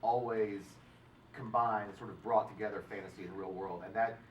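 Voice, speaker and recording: A man's voice: on the low side, steady tone, normal speed, highs cut off. A man interviewing at a press event, asking long questions earnestly with hesitations. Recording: echoey room, distant mic, audible noise.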